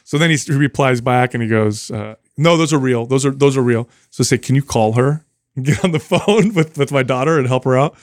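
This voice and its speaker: A middle-aged man hosting a podcast, telling stories in a casual, animated way and acting out the people he quotes. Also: medium pitch, fairly quick, no room sound, studio quality. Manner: animated, acts out quoted voices. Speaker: podcast host, trainer. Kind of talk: casual storytelling.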